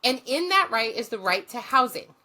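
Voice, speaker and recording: A woman's voice: fairly high pitch, very animated, normal speed, sharp tone. A woman guest, a former social work teacher, telling stories in a blunt, profane and passionate way. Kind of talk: storytelling in conversation.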